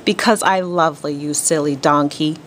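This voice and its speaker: A woman voicing a tiny, devoted fairy girl with a soft, bell-like voice in a storybook read-aloud. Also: low-pitched, fairly even intonation, measured pace, slight background noise. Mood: weak tender.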